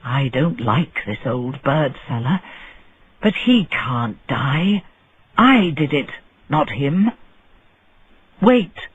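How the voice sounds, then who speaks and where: A man voicing a frightened male doctor who mutters anxiously to himself in a husky voice, at times whispering. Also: medium pitch, very animated, drawn-out words, long pauses, narrow, tinny audio, full character voice. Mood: resolute.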